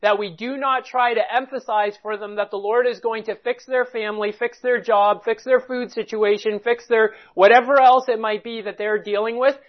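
A Bible teacher giving a verse-by-verse teaching in a deliberate, explanatory way, leaning hard on key words. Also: medium pitch, fairly even intonation, dull audio.

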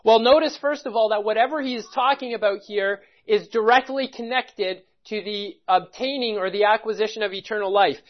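This preacher teaches scripture verse by verse at a fairly quick clip with hardly any pauses, his voice sitting in the mid-range. He's methodical and emphatic, stopping on key words, and the recording sounds dull and lo-fi.

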